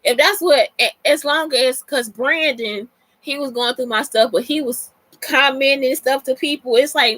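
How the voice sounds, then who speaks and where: Blunt, foul-mouthed woman host, bright voice. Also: high voice, moderate pace, dry recording. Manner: blunt and profane, talks straight to listeners. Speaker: podcast host. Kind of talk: casual monologue answering listener questions.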